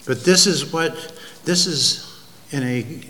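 Slow-speaking preacher man in a reverberant hall. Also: fairly high pitch, pushed and bright. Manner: slow, deliberate storytelling with pauses and restarts. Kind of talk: sermon. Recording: long hall reverb, faint ambient noise.

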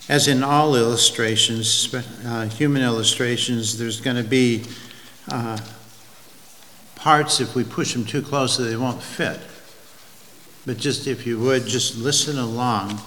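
A man preaches in an unhurried, measured way, stopping to gather his words as he works through a story. His voice trails off into a long reverb, as in a church sanctuary. A faint hum of room noise sits underneath. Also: mid-range voice, a bit bright. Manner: slow, deliberate storytelling with pauses and restarts. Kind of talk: sermon.

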